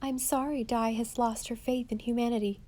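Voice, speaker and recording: A woman's voice: on the high side, steady tone, moderate pace, mellow, close to an everyday voice. A woman voicing a loving mother who speaks in a soothing, tender way in a storybook reading.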